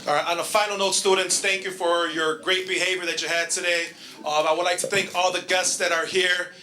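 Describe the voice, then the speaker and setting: A man with a rather high voice gives closing remarks at a school assembly. His delivery is formal and measured, aimed at students. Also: level tone, bright, forceful tone, a little hiss or hum.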